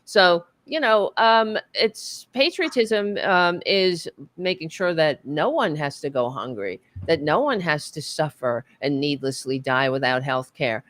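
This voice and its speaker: A woman's voice: sits low, expressive, measured pace, few pauses, a bit bright. A woman co-hosting a political talk podcast, speaking in an impassioned, profane, rambling way with many fillers. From United States. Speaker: podcast co-host.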